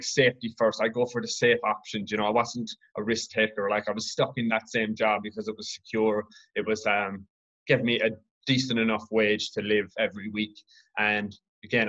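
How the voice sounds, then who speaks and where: A man from Ireland hosting his own podcast, telling a personal story in an earnest, reflective, halting way. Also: lowish voice, fairly bright tone, dull audio. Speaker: podcast host.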